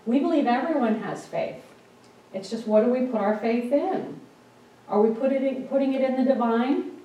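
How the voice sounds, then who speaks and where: A woman minister giving a sermon, retelling scripture stories in a lively, storytelling way. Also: on the high side, moderate pace. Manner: storytelling, lively with quoted lines. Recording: echoey hall, speaker far from mic.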